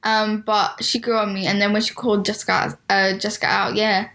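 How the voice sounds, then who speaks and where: A woman's voice: medium pitch, flat delivery, a little fast, a bit bright. A young woman co-hosting a podcast, giving blunt opinions and laughing often. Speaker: podcast co-host. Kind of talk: casual chat.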